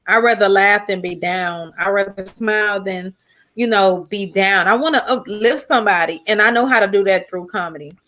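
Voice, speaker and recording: A woman guest on a casual livestream talk show, an animated storyteller. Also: mid-range voice, moderate pace. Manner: animated storyteller, mimics family voices. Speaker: guest YouTuber.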